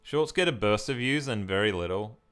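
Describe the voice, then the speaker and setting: A man's voice: fairly low pitch, lively intonation, brisk, fairly bright tone, smooth. An Australian man from Victoria, chatting casually on a live stream as he reads and answers viewer comments.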